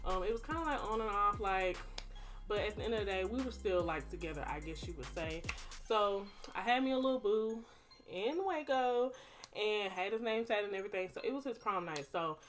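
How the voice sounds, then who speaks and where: A woman's voice: mid-range voice, animated, a little fast, faint music behind. A young woman, telling a personal story to her viewers in a chatty, dramatic way. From Texas. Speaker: vlogger. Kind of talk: casual storytime.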